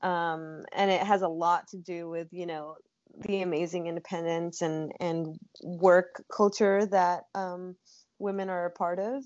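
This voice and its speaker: A woman's voice: on the low side, level tone, a little mellow, no echo, highs cut off. A woman hosting a podcast, chatting casually and agreeably with her guest. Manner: chatty and agreeable, quick backchannels. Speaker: podcast host. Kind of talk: casual interview chat.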